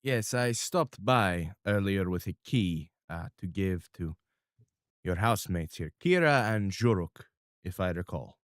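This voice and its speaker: A man voicing a tubby, calm small-town boss who dislikes change, speaking in a slow, formal, measured way. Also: sits low, no echo, clean studio sound.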